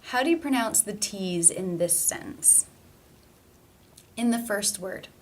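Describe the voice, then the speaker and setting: A woman giving an English pronunciation lesson, explaining sounds and repeating example phrases slowly and carefully. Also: medium pitch, lively intonation. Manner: slow, careful demonstration of sounds.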